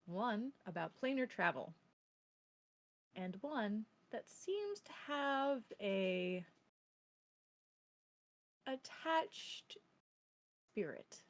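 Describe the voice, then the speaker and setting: A woman running a tabletop game as game master, narrating in a measured, unhurried way. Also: on the high side, very animated.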